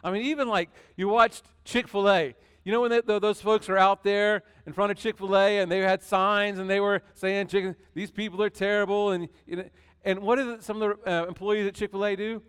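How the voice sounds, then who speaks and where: A man's voice: sits high, fairly even intonation, a little fast, a bit bright, clear, resonant tone. Folksy preaching man in a reverberant hall. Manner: conversational, folksy preaching with asides. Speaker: pastor. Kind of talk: sermon.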